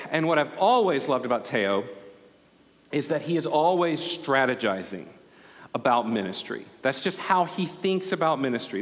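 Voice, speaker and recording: A male pastor telling a story in a relaxed, conversational sermon, often restarting his sentences. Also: on the high side, big-room sound.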